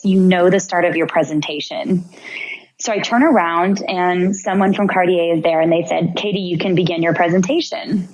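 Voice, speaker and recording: A woman's voice: lowish voice, rough recording. Young woman telling a vivid story. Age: young adult. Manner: vivid narration, acts out her own inner voice. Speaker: podcast guest, founder. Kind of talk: personal storytelling in an interview.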